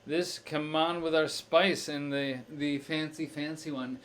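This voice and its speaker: A man's voice: on the high side, fairly even intonation, a little slow, fairly bright tone, slight background noise. A young man on a live stream, thinking aloud through a crossword with many fillers and restarts. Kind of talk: casual live-stream chat.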